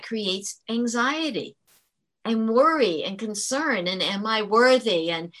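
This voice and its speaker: A woman's voice: on the high side, expressive, measured pace, a bit bright. Earnest woman teacher explaining at length. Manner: earnest, explanatory, with frequent restarts. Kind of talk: conversational interview storytelling.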